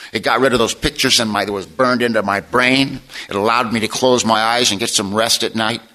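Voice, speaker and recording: A man's voice: lowish voice, bright, forceful tone, low-quality recording. A middle-aged man sharing his personal testimony at a recovery meeting, plainspoken and folksy with wry humor.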